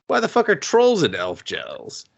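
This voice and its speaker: A man co-hosting a podcast, casually retelling a movie with swearing and quick put-on voices. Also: sits high, huge pitch swings, creaky, dull audio. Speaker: podcast co-host. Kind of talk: casual movie review chat.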